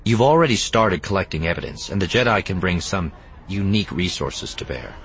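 A man reading a calm, quiet Jedi hero. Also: low-pitched, a little fast, a little hiss or hum.

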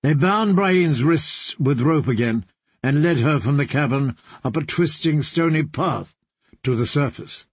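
A man reading a fantasy novel aloud with measured, grave narration. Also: fairly high pitch, breathy edge, no echo. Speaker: audiobook reader.

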